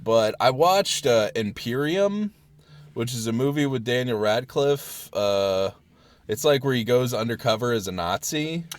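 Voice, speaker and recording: Animated, excitable male podcast host. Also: medium pitch, unhurried. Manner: excitable, laughs often, trails off and restarts. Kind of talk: casual chat.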